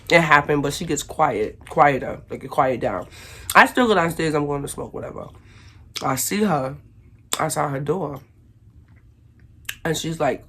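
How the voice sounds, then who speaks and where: A woman from Brooklyn, telling a casual storytime to her viewers and acting out the shouting in it. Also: low voice. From Brooklyn, New York. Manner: animated, acts out shouted quotes. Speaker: vlogger.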